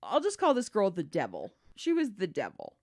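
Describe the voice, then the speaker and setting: A woman's voice: mid-range voice, wildly swooping pitch, moderate pace. A woman co-hosting a podcast, telling a work story in casual chat and swearing freely. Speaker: podcast co-host.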